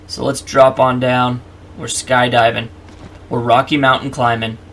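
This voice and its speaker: A man hosts a let's play in easy, chatty commentary, narrating each step as he goes. His voice sits at an ordinary middle pitch with a gravelly, fried edge. A faint hiss runs under the recording. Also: little pitch movement, a little slow, fairly bright tone. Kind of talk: casual gameplay commentary.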